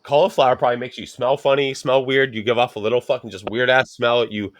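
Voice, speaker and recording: A man in casual podcast chat, voice in the middle range for a man, recorded dry and close with no room sound. He tells a story loudly and with a lot of swearing, jumping into quick impressions of the people in it, and his pitch often leaps up for emphasis. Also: no room sound. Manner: profane, animated storytelling with acted quotes. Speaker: podcast co-host.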